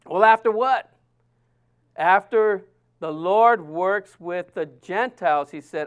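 Preacher guy giving a sermon, earnest, high clear voice. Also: takes it slowly. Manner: earnest, emphatic, with frequent restarts.

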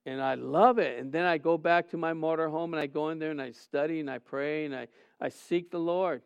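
Earnest pastor, high smooth voice. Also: male voice, steady tone, fairly quick, no echo, muffled recording. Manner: earnest, swings from soft to loud, many restarts. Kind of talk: sermon.

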